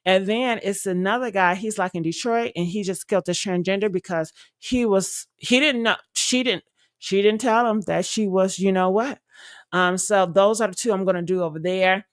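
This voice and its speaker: A woman's voice: mid-range voice, normal speed, dry recording, studio quality. A young woman streamer chatting casually and loosely to her viewers, rambling with fillers and laughter. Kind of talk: casual live-stream chat.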